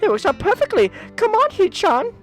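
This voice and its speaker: Brief: a man doing a bubbly visual-novel schoolgirl, squeaky high and bouncing all over, chirpy and eager. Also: wildly swooping pitch, a little fast, soft background music, full character voice. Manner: chirpy, sing-song, eager. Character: bubbly cheerful teenage schoolgirl.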